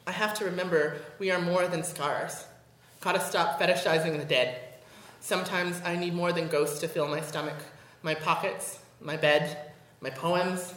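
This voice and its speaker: A woman performing her spoken word poetry at a college venue, intense and rhythmic, building repeated chants to loud peaks. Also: lowish voice, steady tone, normal speed. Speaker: performance poet. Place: college venue before a live audience. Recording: echoey room.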